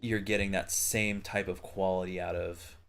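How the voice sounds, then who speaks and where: A man's voice: low voice, level tone, normal speed, creaky, fairly bright tone, soft background music. A man in casual podcast chat, ranting about games and swearing freely. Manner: swearing, ranting, mocking impressions.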